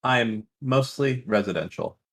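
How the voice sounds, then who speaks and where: A man's voice: medium pitch, lively intonation, a little slow, gravelly, fairly bright tone. A young man co-hosting a call-in dating show, casual, crude and joking, swearing often. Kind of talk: casual streaming chat.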